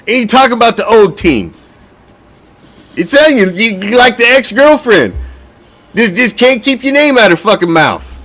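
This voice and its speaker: A middle-aged man with a fairly high-pitched voice, hosting a fan sports show. He rants heatedly with constant swearing and restless restarts. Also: very animated, normal speed, fairly bright tone, soft background music. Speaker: fan podcast host. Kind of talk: profane sports rant.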